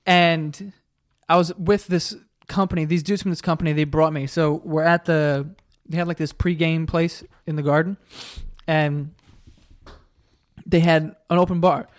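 Fast-talking young podcast co-host man. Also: fairly high pitch, level tone. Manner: fast-talking, curses casually. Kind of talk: casual chat.

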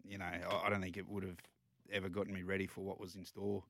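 Australian male guest in his thirties, relaxed and reflective, low voice, dry close mic. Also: fast, gravelly, dry recording. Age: 30s. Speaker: guest rugby league player. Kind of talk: casual interview chat.

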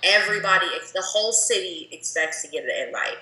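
Woman gabbing away, lots of "like", low-ish bright voice. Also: quick pace, roomy sound, poor audio. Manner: animated storyteller, lots of "like". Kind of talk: casual chat.

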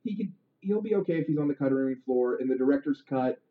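A man's voice: medium pitch, lively intonation, fast. Man with wry quips in an echoey room. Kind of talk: casual chat. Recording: echoey, phone-like sound.

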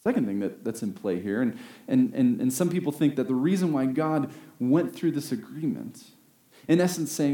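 A man's voice: medium pitch, warm tone. Earnest male pastor preaching in an echoey room. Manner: earnest, building to emphatic peaks with slowed key phrases. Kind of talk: sermon. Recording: roomy echo.

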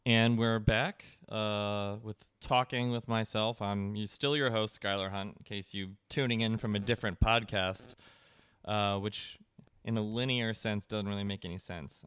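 Hesitant deadpan male podcast host. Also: lowish voice, moderate pace, clear, resonant tone, no room sound. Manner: hesitant, full of fillers, deadpan. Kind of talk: comedy podcast chat.

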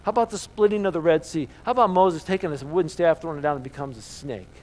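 A man's voice: on the high side, quick pace, a little mellow, low-quality recording. A man preaching a sermon to his congregation, talking emphatically and firing off repeated rhetorical questions. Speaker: pastor. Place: church service with congregation.

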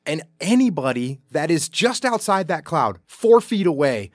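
A man as a podcast guest, talking in a measured, explanatory way in casual interview chat. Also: a little high, sing-song, no echo, studio quality.

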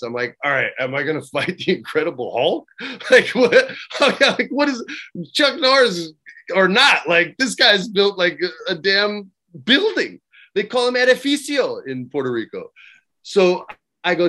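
Animated middle-aged man telling stories. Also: medium pitch. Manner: lively storyteller who acts out quoted lines; laughs often while talking. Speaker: guest recalling work as a wrestling writer. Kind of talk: casual anecdote-telling.

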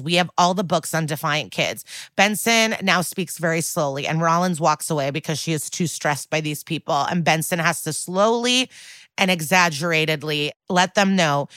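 A woman's voice: on the low side, animated, fairly quick, fairly bright tone, no room sound. A woman co-hosting a podcast, recapping a TV episode in a sarcastic, casual way and acting out the quoted lines. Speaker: podcast co-host.

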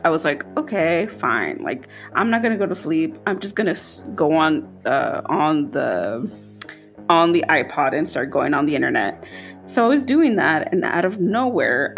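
Woman, podcast host, casual storytelling, lowish pitch, animated. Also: measured pace, soft background music. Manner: animated, voice jumping high when quoting herself.

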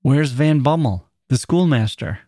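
A man's voice: mid-range voice, expressive, measured pace, dark tone, no echo, studio quality. A man voicing a bewildered, ragged old villager who pleads anxiously with a crowd.

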